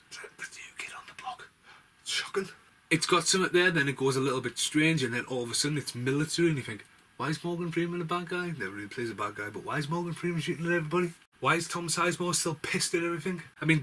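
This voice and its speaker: A man's voice: fairly high pitch, sharp tone. A man reviewing movies in casual, rambling chat, swearing freely as he goes.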